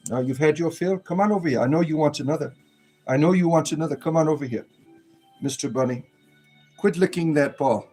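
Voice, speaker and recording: A man hosting a casual livestream from a room at home, rambling and coaxing his pets in a soft doting tone, recorded on a phone. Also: a little high, rough recording. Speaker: livestream host.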